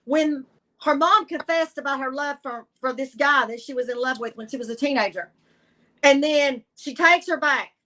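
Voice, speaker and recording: A woman's voice: high voice, moderate pace, sharp tone, low-quality recording. A woman from Tennessee with a Southern accent, a guest reader telling a story in a folksy, blunt and sassy way. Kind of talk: live-stream storytelling.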